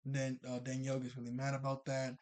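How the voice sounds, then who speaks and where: His voice is mid-range, monotone and somewhat dark as he casually goes over a cartoon episode. The recap wanders, packed with filler words and fast self-corrections.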